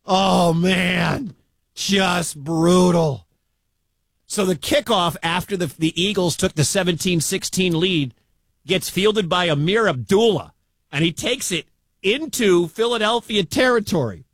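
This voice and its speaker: A man hosting live sports radio, calling a game play by play and shouting at big moments. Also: high-pitched, a little slow, slightly rough, no room sound. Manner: excitable, shouts at big plays.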